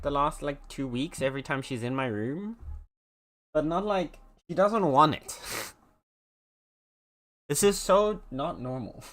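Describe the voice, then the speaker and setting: Brief: easygoing streamer, slow unhurried delivery, gushing exclamations, coos at animals. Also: medium pitch. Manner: talks to pets in a cooing voice. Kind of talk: casual chat with viewers.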